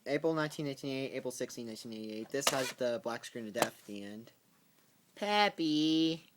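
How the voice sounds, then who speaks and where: A man casually going through his tape collection on camera, talking in halting bursts with ums and restarts. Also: medium pitch. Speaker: VHS tape collector vlogger. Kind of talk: casual spoken video commentary. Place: at home with a pet in the room. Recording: noisy home recording with clicks.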